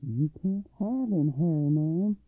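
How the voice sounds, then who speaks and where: A man voicing a shrewd, calm country mother with a steady, folksy drawl. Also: a little high, takes it slowly, no echo. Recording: dry, tinny phone-like sound.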